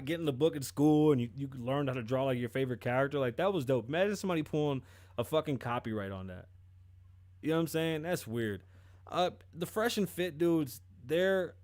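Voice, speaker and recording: A man hosting a podcast, giving casual commentary with profane, animated storytelling. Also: fairly high pitch, no echo. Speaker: podcast host.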